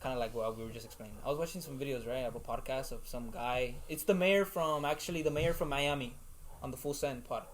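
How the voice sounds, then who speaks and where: A man's voice: medium pitch, quick pace, few pauses, slight background noise. A young man hosting a casual podcast chat, rambling and swearing, filling his talk with "like". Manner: rambling, swears a lot, fills with "like". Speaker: podcast host.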